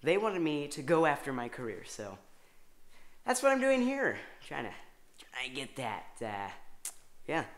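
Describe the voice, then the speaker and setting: Rambling young comedian, echoey room. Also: male voice, on the high side, wildly swooping pitch, a little hiss or hum. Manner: rambling, halting storytelling with many restarts. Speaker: stand-up comedian. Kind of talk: stand-up comedy routine.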